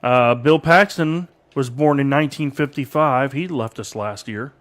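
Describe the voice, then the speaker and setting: On a live-streamed radio show, a male host with a medium-pitched, fairly bright voice reads this-day-in-history facts at a moderate pace. He chats casually with his co-host and chuckles often as he goes through the dates.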